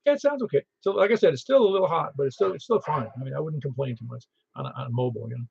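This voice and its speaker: A man hosting a ham radio net in casual chat, chatty and quick to tell stories. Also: a little high, animated, gravelly, darkish tone, slightly rough. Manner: chatty, storytelling, laughs easily. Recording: muffled lo-fi radio audio.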